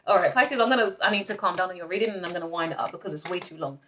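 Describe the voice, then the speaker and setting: A woman doing a casual tarot reading, excitable, laughing often and calling her viewers honey and darling. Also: medium pitch, racing, hardly any pauses. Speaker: tarot reader.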